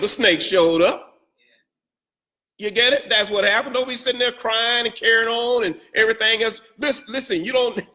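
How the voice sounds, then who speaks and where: Bright-voiced preacher, playful call-and-response. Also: male voice, medium pitch. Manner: call-and-response preaching with humor and rhetorical questions. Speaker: pastor. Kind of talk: sermon.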